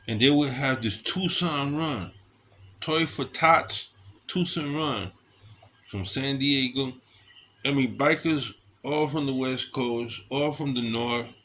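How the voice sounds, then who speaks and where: A man's voice: mid-range voice, slight background noise, rough recording. Chuckling middle-aged man spinning stories. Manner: animated, chuckles often between stories. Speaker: storyteller. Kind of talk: casual monologue.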